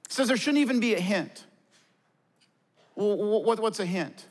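A man's voice: high-pitched, moderate pace. A man preaching a sermon from a church stage, earnest, posing questions and answering them himself. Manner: earnest, asks and answers his own questions. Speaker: pastor. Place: church stage before a congregation. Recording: long hall reverb.

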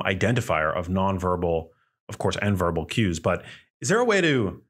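A man's voice: on the low side, fairly bright tone. A man hosting an interview, asking curious questions and giving brief affirmations. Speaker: podcast host.

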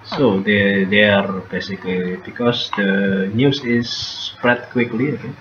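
Guy doing casual let's-play chat, swears a lot, low voice, lo-fi noisy mic. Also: steady tone, a little slow, reverberant. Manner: chatty, swears and laughs at the game. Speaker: gameplay streamer. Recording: dull lo-fi sound with noticeable background noise.

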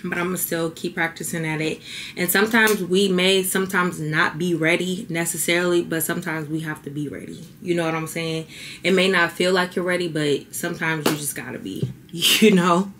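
Young woman talking to her camera, low voice, bit teary, chatty and real, faint hum behind. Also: fairly even intonation, normal speed, fairly bright tone. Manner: heartfelt, chatty, says y'all. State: a little teary. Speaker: beauty vlogger. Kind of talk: casual vlog talk to camera.

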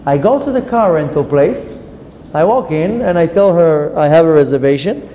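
Rabbi telling stories in a hall. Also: male voice, a little high, normal speed. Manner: storytelling, animated, frequent restarts. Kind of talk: Torah class talk with anecdotes. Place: classroom at a women's institute. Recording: roomy hall with faint ambient noise.

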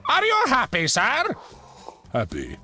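A man voicing a gruff, terse male countryball who grumbles in clipped words. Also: extremely high pitch, wildly swooping pitch, slow pace, sharp tone, a little hiss or hum, heavily acted.

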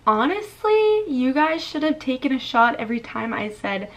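A twenty-one-year-old woman from Florida talks casually to her viewers in a vlog. Her voice sits a little high, and she fills her speech with "like" and small laughs. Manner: chatty, lots of "like", quick laughs. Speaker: YouTuber. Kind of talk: casual vlog talk reading comments.

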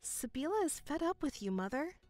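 A woman voicing a calm, cold young stepdaughter in a dramatized story, speaking in a measured, coolly firm way. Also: sits high, no echo, faint music behind.

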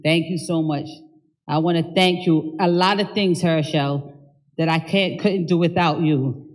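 A woman's voice: deep voice, steady tone, a little slow. A woman speaking as the daughter at a memorial service, giving a heartfelt eulogy and then thanking the gathered mourners, emotional and stumbling over her words at times.

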